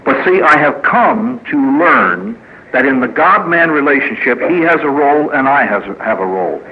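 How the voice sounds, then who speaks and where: Folksy priest giving a lively recovery talk. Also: male voice, mid-range voice, moderate pace, highs cut off. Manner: folksy storyteller with punchlines and acted quotes. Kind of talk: speaker meeting talk with humor. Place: meeting hall before a live audience.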